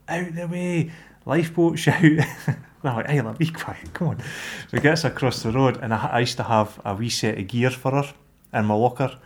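A middle-aged Scottish man, a lifeboat volunteer, recounting a rescue in a plain-spoken, halting way. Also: mid-range voice. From Scotland. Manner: plain-spoken, hesitant with fillers, animated when acting out scenes.

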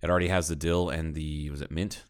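His pitch is extremely low, his tone level and clean, and he talks at a quick pace. He's a podcast co-host in a casual chat, telling bar stories laced with swearing and imitating others in raised voices.

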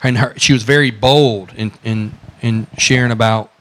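A pastor with a Southern American accent preaching from the pulpit at a medium pitch. He keeps asking his congregation questions and repeats phrases as he works through the text. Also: steady tone, normal speed, a bit bright. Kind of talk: sermon.

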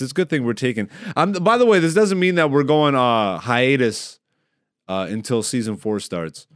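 A man's voice: mid-range voice, expressive, normal speed, smooth, dry recording. A man hosting a podcast in a studio, talking in a loose, rambling, joking way. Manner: rambling, joking, laid-back. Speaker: podcast host. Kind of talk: casual podcast chat. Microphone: studio microphone.

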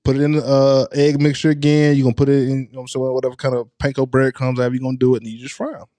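A man co-hosting a podcast, casually and insistently explaining a recipe step by step in lively banter. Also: medium pitch, very fast, no echo. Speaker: podcast co-host.

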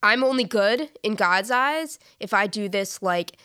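Woman, casual chat, halting, lots of fillers, mid pitch, dry close sound. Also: expressive, bright, forceful tone, clear, resonant tone, dry recording. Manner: halting, many fillers and restarts.

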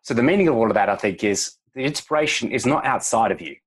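A man, a chiropractor guest on a podcast, speaking reflectively and telling a gentle story. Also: mid-range voice, animated, fast, breathy edge, low-quality recording. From Australia. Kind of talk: relaxed podcast conversation.

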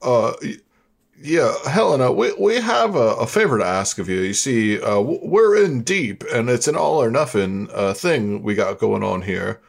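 A man's voice: medium pitch, very animated, normal speed, vocal fry. A man playing a tabletop game, talking hesitantly and stumbling over his words. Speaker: player. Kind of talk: casual tabletop game chat.

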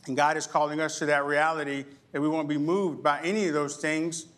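High, bright-voiced animated preacher man. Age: middle-aged. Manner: animated preaching, sudden high exclamations and call-and-response; acts out voices of others in quick asides. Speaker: pastor. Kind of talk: sermon.

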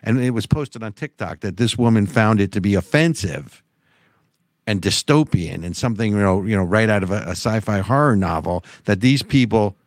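A man's voice: lowish voice, animated, moderate pace, no echo, studio quality. A man co-hosting a casual political talk show, wry and sarcastic, rambling with restarts. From United States. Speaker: podcast co-host.

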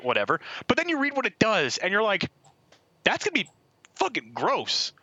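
Bright, animated man telling stories. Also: on the high side, dry recording. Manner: swears freely, animated anecdotes. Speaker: podcast co-host. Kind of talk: casual chat, storytelling.

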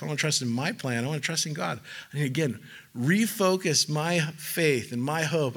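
A man preaching a casual, conversational sermon, animated and loose, with filler words and playful asides. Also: medium pitch. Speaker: pastor.

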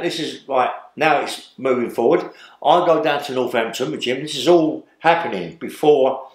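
Older guy rambling thru a story, keeps saying yeah?, roomy sound. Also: medium pitch. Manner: rambling, tag questions like "yeah?". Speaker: interview guest. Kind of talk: storytelling in a sit-down interview.

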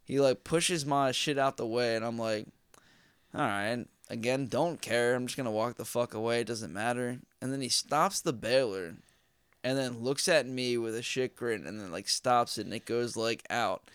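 A young man co-hosting a podcast, telling a work story casually and excitably, swearing a lot. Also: medium pitch, moderate pace, clear, resonant tone, no echo, studio quality. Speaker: podcast co-host.

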